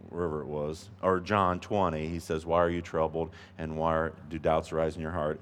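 A man preaching a sermon as pastor, earnest and emphatic, dropping to soft asides and rising to loud stresses. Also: low voice, clean tone. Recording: long hall reverb.

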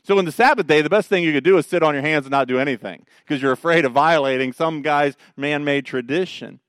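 A male pastor, preaching a sermon in an animated, joking way. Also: a little high, fast talker, clean tone, dry recording, clean studio sound. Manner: animated, joking storyteller who mocks the Pharisees.

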